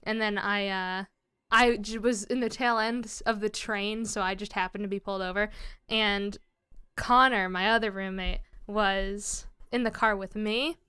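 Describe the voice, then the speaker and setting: A woman's voice: medium pitch, steady tone, measured pace, sharp tone, smooth, no echo, studio quality. A young adult woman hosting a casual comedy podcast, rambling through stories with lots of fillers and giggles. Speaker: podcast host.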